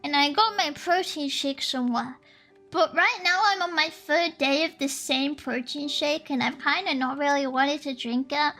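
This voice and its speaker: Reading viewer comments on her stream, a young woman from Sweden chats casually, giggling and playful. Her voice is high and her pace moderate, with soft lo-fi music beneath her.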